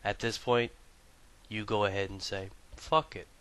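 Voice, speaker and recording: In a gaming video, a man tells a funny story and talks through his gear, his banter crude and full of profanity. His clean, lowish voice keeps a moderate pace on a dry recording, swinging from quiet storytelling to loud, excited bursts.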